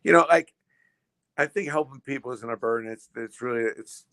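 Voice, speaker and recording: A man telling stories as a podcast guest, fast and full of restarts and repeated words. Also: mid-range voice, a bit bright, dry recording. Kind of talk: casual storytelling.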